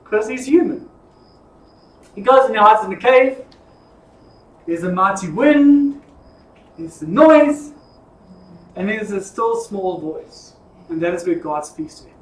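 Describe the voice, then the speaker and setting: Man, Bible teacher, lively jokey storytelling, echoey room, distant mic. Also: sits high, measured pace, pauses often. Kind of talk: informal Bible study lesson.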